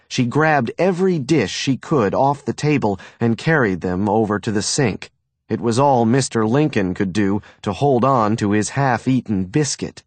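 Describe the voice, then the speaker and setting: A man narrates an audiobook with expressive storytelling. His voice is medium-pitched at a moderate pace, with no echo.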